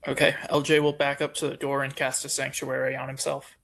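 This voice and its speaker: Gravelly-voiced man playing a tabletop game. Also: medium pitch, completely flat delivery, a little fast, fairly bright tone. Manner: casual, swears, talks through his choices. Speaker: player. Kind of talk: casual tabletop play.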